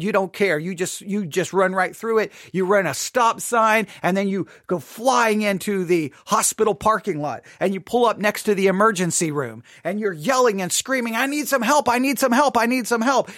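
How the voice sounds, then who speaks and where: High-voiced man, dry close podcast sound. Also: a bit bright, no room sound. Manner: dramatic storytelling, acting out scenes. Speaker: podcast host. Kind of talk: impassioned commentary.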